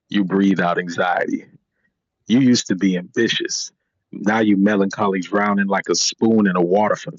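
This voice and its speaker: A man recites spoken-word poetry in a low, husky voice that he pushes deeper than usual. His delivery is blunt and full of curses. The audio is dry and dull, like a lo-fi stream. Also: no room sound. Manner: put-on extra-deep voice, blunt and profane. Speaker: guest poet.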